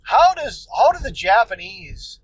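A man's voice: sits high, sing-song, measured pace, husky, poor audio. A man hosting a solo podcast, telling a story in a loose, profane, ranting way. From United States. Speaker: podcast host.

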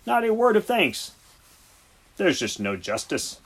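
A man's voice: sits high, huge pitch swings, unhurried, fairly bright tone, voice pushed up, full character voice. A man voicing an earnest, defensive young junior vet in an audiobook. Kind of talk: audiobook character voice.

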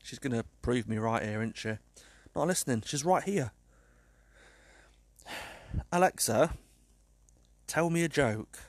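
A man's voice: medium pitch, expressive, measured pace, pauses often, no room sound. A young man from the UK, chatting casually to camera in an exasperated, joking way with swearing. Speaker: vlogger.

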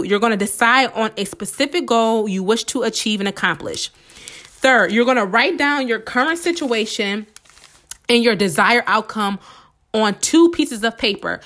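A woman hosting a motivational podcast, talking fast and excitedly while she repeats each step, and a little under the weather with a slightly sore throat. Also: a little high. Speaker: podcast host. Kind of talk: casual motivational podcast talk.

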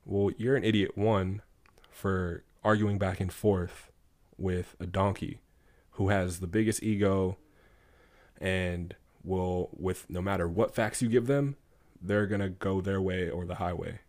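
A man doing a calm, deep-voiced lion. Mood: measured. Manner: slow, measured, matter-of-fact. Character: calm wise male lion, king of beasts.

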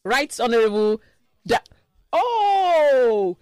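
Lively woman radio host. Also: high-pitched, very slow, dry recording, studio quality. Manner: inquisitive, laughing, playing along. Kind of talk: comic radio banter. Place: radio studio.

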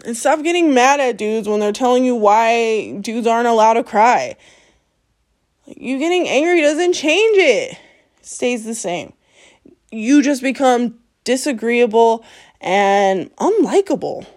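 At a measured pace, a podcast host with a fairly high, darkish, very animated voice delivers a solo rant. She scolds her listeners bluntly and profanely, breaking into laughter between lines.

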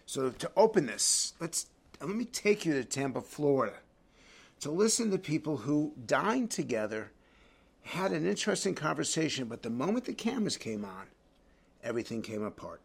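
A middle-aged man hosting a focus group. He is calm and earnest when narrating and turns loud and scolding when he steps in. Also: fairly high pitch, moderate pace, vocal fry, slightly rough. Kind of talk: moderating a heated group discussion.

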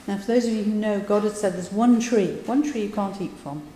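A woman's voice: medium pitch, a little fast, warm tone, slight background noise. A woman giving a conversational sermon, retelling scripture with asides. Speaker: preacher. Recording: echoey hall, voice from a distance.

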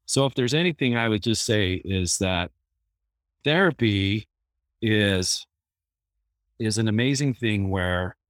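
A man's voice: medium pitch, dry recording. A man who works as a therapist, telling anecdotes in an easygoing, casual way with plenty of fillers. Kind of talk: casual storytelling.

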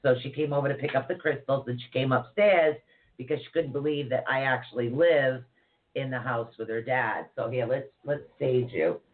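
A chatty woman co-host who rambles and jokes through a casual livestream chat. Her voice comes through narrow and tinny, like a phone line. She greets people warmly by name as she talks. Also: very deep voice, normal speed.

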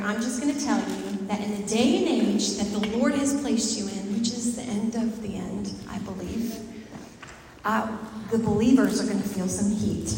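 Lady pastor, chatty lively sermon, super echoey hall w faint background hum. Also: on the high side. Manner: conversational and lively, with laughs and acted-out asides. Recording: very echoey hall, mic far off, faint ambience.

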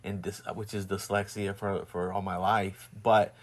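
A man's voice: low-pitched, level tone, unhurried. A man with a Southern twang in casual chat, rambling with many restarts and laughing often as he tells stories. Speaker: husband and father.

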